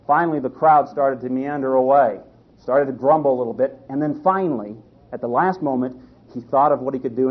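Husky-voiced folksy preacher. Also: male voice, on the high side. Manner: folksy, halting with restarts. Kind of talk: storytelling sermon. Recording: dull lo-fi recording.

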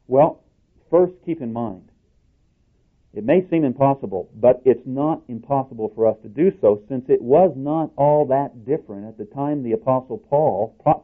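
Emphatic preacher, tinny audio. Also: male voice, mid-range voice. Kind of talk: sermon.

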